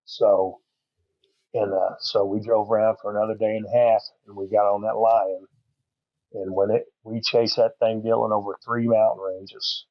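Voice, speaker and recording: A middle-aged man with a low voice tells a story in a rambling, folksy way, full of fillers. The recording is dry and a little dull, with no room sound. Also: level tone, moderate pace, no echo. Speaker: podcast guest. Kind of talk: casual storytelling.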